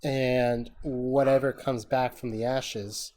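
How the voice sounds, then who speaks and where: Relaxed, reflective man podcast co-host. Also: mid-range voice, takes it slowly. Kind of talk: casual chat.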